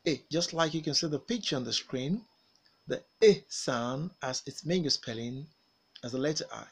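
This man's voice is on the high side, gravelly and a little rough, as he teaches a deliberate pronunciation lesson. He stretches out vowel sounds and sample words with precise articulation, leaving pauses for learners to repeat.

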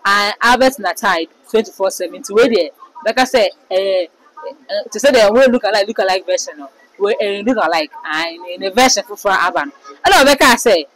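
A woman with a Ghanaian accent giving casual gossip commentary, reading out comments and quotes in an animated way. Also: on the high side, low-quality recording. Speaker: entertainment commentator.

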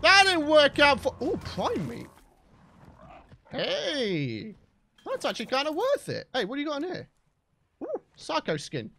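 A man commentating his own gameplay, shouting and exclaiming, teasing his in-game pets, his voice getting worn. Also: very high-pitched, wildly swooping pitch, unhurried, gravelly, pauses often, a little hiss or hum. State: losing his voice. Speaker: gaming channel host. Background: game background music.

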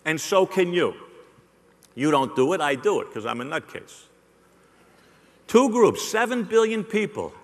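Animated keynote speaker, middle-aged man, playful and rhetorical, recorded with a long hall echo. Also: a little high, a little slow, pauses often. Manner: animated, joking, rhetorical, works the audience. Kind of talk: live motivational keynote. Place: large hall with a live audience.

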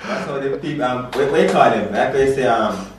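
A man's voice: mid-range voice, expressive, a little fast. A man with a Jamaican accent, a vlogger chatting casually and joking about his own pronunciation. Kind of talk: casual chat. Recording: echoey room, far from the mic, crowd behind.

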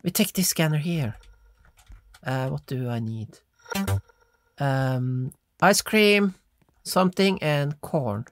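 A woman narrating her own horror game run in let's-play style, excitable and quick to yelp or giggle. Her pitch leaps up and down with every scare, while her pace stays unhurried. Faint game music plays behind her. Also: dry recording. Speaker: gamer.

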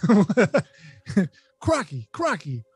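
A man's voice: wildly swooping pitch, extremely slow, breathy edge, no room sound, full character voice. A man putting on a chirpy outback-style creature professor. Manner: chirpy, folksy, higher than his own voice. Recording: dry close mic, faint music.

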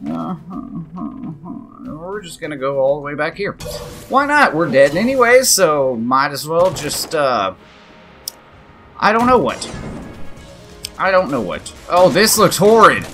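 A man giving excitable let's play commentary, yelping, swearing and cheering at the game as he plays. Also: a little high, measured pace, soft background music. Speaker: gaming channel host.

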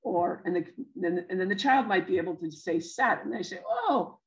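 A woman's voice: fairly low pitch, fairly quick, poor audio. A woman with a Canadian accent presenting a literacy webinar, explaining step by step with many fillers and restarts. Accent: Canadian English.

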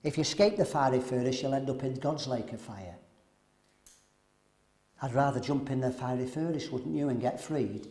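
A man preaching at a men's seminar, animated and throwing rhetorical questions to the audience. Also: medium pitch, normal speed.

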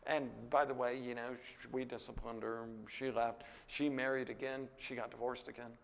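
With some vocal fry in his voice, an older American man teaches a classroom Bible lecture as a seminary teacher, talking at normal speed amid a long reverb tail. He keeps it conversational and candid, frequently asking "right?" or saying "you know", and his voice leaps up when he's animated and lively.

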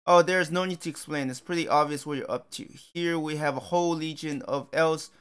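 A man's voice: a little high, fairly quick, fairly bright tone, smooth, natural voice. A man voicing a suspicious, sarcastic male human commander who speaks in an accusing way.

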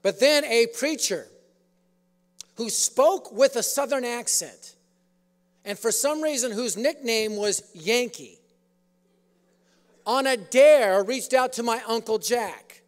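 A man's voice: extremely high pitch, slow, pauses often. A man preaching a sermon in an auditorium, telling a story with humor. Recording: echoey auditorium.

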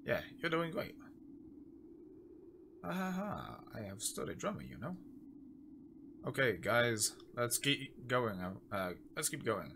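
A man's voice: mid-range voice, very animated, slow pace, creaky, long pauses, noisy background. Man joking through a game playthrough. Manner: joking, self-mocking asides. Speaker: gamer voicing characters. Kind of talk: casual game commentary. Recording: game music underneath.

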